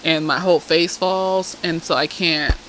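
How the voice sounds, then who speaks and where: A woman therapist reviewing a TV episode in casual chat. She is animated and blunt, swears freely and keeps drifting into asides. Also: deep voice, a little slow, slight background noise, low-quality recording. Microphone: self-filmed camera.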